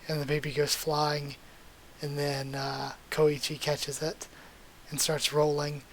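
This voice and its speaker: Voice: medium pitch, level tone, measured pace, fairly bright tone. A manga readthrough host giving casual commentary with frequent restarts and laughs. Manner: chatty, stumbles and restarts, laughs often.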